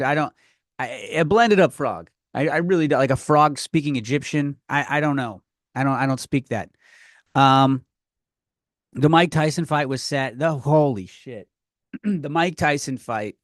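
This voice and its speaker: A comedy podcast host with a medium-pitched voice rants with lots of profanity and stumbling restarts. He records on his own podcast microphone, and the sound is dry and clean, like a studio.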